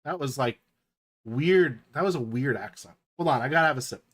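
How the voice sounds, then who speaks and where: A man hosting a card-break livestream in casual chat, reading out names one by one and calling a mock horse race with rising excitement. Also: mid-range voice. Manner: unhurried, reads names out one by one.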